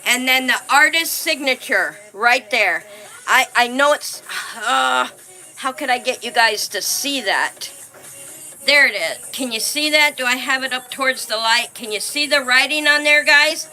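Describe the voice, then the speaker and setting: A woman's voice: sits high, expressive, measured pace, faint music behind, poor audio. A woman hosting a casual live stream, chatting to viewers, thanking them by name and speaking fondly, with frequent restarts. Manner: chatty, thanks viewers by name, warmly fond of her dolls.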